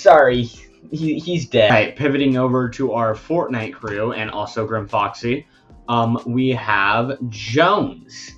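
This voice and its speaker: A man's voice: medium pitch, fairly even intonation, unhurried, lo-fi sound, faint music behind. Young man narrating, rambling and chatty. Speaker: fan storyteller. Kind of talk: casual story narration.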